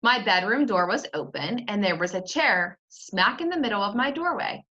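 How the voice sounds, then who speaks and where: Lively woman reading a children's book. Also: mid-range voice, moderate pace, highs cut off. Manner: expressive, chatty asides. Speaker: teacher reading aloud. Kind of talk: reading a children's novel aloud.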